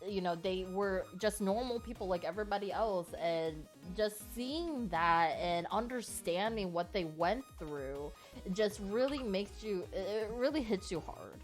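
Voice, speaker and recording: Over soft background music, a woman co-hosts a relaxed podcast conversation, rambling, filling pauses with many fillers, and laughing frequently. Her voice sits at a medium pitch, expressive yet measured in pace.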